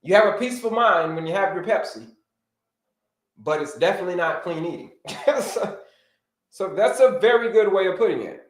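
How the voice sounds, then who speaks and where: A man hosting a live health-coaching stream, talking to viewers in an animated, repetitive, preacher-like cadence. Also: high voice, normal speed, echoey room.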